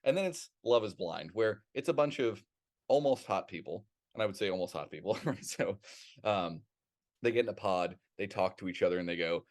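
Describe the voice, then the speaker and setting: Man, lowish voice, podcast co-host, casual chat, rambling, animated, swears a lot. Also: brisk. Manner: rambling, animated storyteller who swears freely.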